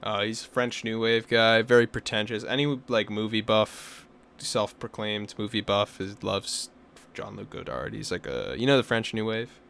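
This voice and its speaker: A man's voice: fairly low pitch, normal speed, vocal fry, clean tone. A young man co-hosting a podcast, telling stories and ranting with lots of swearing in casual chat. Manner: profane, animated storytelling with rants. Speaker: podcast co-host.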